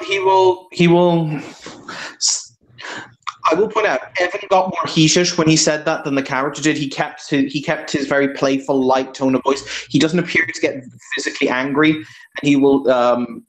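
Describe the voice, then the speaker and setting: A man's voice: fairly high pitch, steady tone, normal speed, a bit bright, poor audio. A man running a tabletop game as game master, narrating in a casual, descriptive way.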